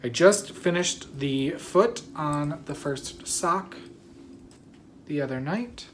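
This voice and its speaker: A woman's voice: low-pitched, animated, takes it slowly, a little hiss or hum. A woman hosting a knitting video podcast in a casual, rambling way, sleepy and yawning, often apologizing. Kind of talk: casual chat.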